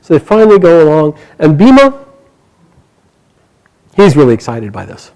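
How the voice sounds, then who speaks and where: Lively, chuckling male storyteller. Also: on the high side, moderate pace, rough recording. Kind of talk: oral storytelling to a live group.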